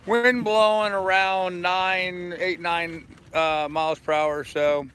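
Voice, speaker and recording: A man's voice: high voice, little pitch movement, slow, a bit bright, a little hiss or hum. An older man chatting casually and rambling on a live stream from the deck of his sailboat, talking to viewers and his dog. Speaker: sailing vlogger.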